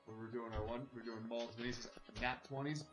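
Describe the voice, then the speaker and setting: A man's voice: mid-range voice, brisk, over music, low-quality recording. Laid-back man calling the dice. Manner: calls rolls and damage in a relaxed, matter-of-fact way. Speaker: dungeon master. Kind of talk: running a tabletop game.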